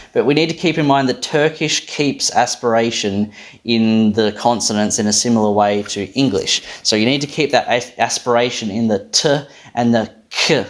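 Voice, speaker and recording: A man teaching pronunciation in a casual, think-aloud way, correcting himself as he goes and swearing now and then. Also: mid-range voice. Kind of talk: casual phonetics explainer.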